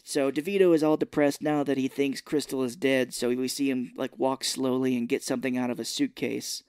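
A man's voice: medium pitch, brisk, clear, resonant tone, dry recording, clean studio sound. A man co-hosting a podcast, retelling a movie plot in casual chat and acting out the characters' lines. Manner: animated retelling, acting out quotes. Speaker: podcast co-host. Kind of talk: casual film recap chat.

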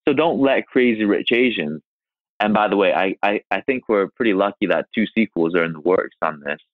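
A man's voice: fairly low pitch, expressive, normal speed, no room sound. A man from China, a guest actor in a podcast interview, speaking earnestly and emphatically with rhetorical questions. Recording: tinny phone-like remote line.

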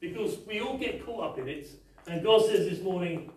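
A man delivers a sermon, pressing his point home with repeated rhetorical questions. His voice sits a little high. It rings through a very echoey church hall, caught from a mic some way off, with faint noise underneath. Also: lively intonation, moderate pace, a little mellow, recorded from a distance. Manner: emphatic, repetitive rhetorical questions. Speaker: preacher.

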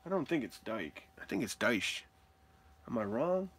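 Brief: excitable man live-streaming a card opening, lively, unhurried delivery, whoops at every pull. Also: medium pitch, husky. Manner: animated, whoops and laughs often, talks to chat. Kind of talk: excitable live stream mail-day chat.

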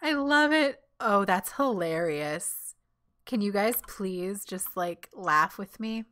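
A young woman giving casual, giggly let's-play commentary, gushing and voicing her character in quick asides. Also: mid-range voice, fairly bright tone. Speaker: gameplay commentator.

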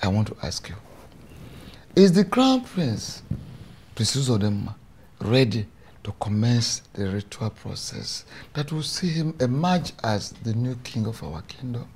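An actor playing a prime minister of a traditional kingdom, speaking with a Nigerian accent and a halting, probing manner. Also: male voice, medium pitch, very animated, darkish tone, husky, heavily acted. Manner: halting, probing, repeats himself.

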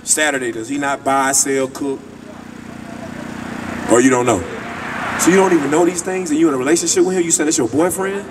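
A man's voice: a little high, a little fast, long pauses. A man preaching on an outdoor street, emphatic and repetitive in a colloquial way. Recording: distant mic, traffic noise.

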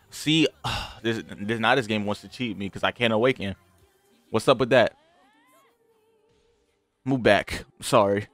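A man's voice: on the low side, big pitch swings, moderate pace, long pauses, a bit bright, no room sound, soft background music. A young man giving casual gameplay commentary, trash-talking his opponent and swinging from grumbling to hype. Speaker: gaming channel host. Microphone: desk mic with game audio.

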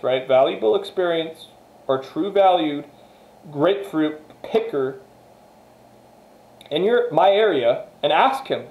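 A man's voice: high-pitched, a little slow, a little mellow. A man giving a casual motivational monologue straight to viewers, emphatic and repetitive, swearing freely. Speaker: motivational vlogger. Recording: echoey room.

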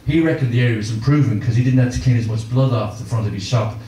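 This is stand-up storytelling from a middle-aged man at a live comedy venue, full of wandering, self-mocking tales and filler words. He has a medium-pitched, dark voice and a quick pace. Slight background noise accompanies a distant, echoey recording.

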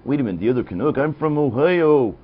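A man's voice: medium pitch, expressive, fast talker, natural voice. A grudging, sarcastic fox puppet, voiced by a man. He complains in a middle register. The recording is dull and lo-fi. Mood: indignant. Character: grumbling male fox puppet from Ohio.

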